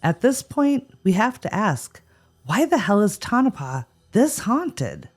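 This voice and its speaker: A woman's voice: medium pitch, very animated, takes it slowly, darkish tone. A woman co-hosting a paranormal podcast, reacting with wry, sarcastic humor. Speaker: podcast co-host. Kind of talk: scripted paranormal podcast chat.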